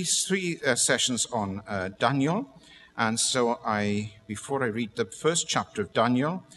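Welsh male preacher, chatty and self-deprecating, mid-pitched, heard in a reverberant hall with faint ambience. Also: fairly bright tone, a little hiss or hum. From Wales. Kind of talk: sermon with humorous asides.

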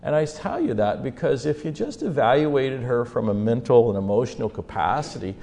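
Gravelly man preaching animated Bible stories. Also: moderate pace, few pauses, a little hiss or hum. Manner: storytelling, swings from low asides to loud emphatic peaks. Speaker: speaker teaching on faith and mental health. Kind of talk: animated Bible-story sermon.

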